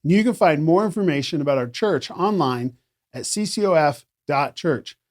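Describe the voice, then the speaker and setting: Male host, scripted intro; upbeat and welcoming, slightly high-pitched. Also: expressive, normal speed. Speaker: podcast host.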